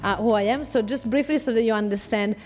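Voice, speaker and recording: A woman's voice: a little high, fast talker, a little mellow, faint music behind. A woman with an Italian accent, a native Italian speaker, chattily telling her business story to an audience and laughing often. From Italy. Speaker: business coach and podcast host.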